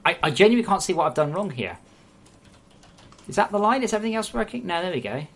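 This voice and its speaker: A woman's voice: fairly low pitch, very animated, quick pace, breathy edge. Blunt, sweary woman coding live. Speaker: game developer streaming live. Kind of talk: live coding stream chat.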